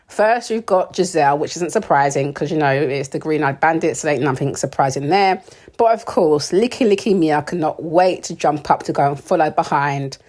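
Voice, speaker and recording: With a darkish tone and a voice that sits low, a young British recap host chats casually about a reality show. She's opinionated and sarcastic, laughing often as she goes.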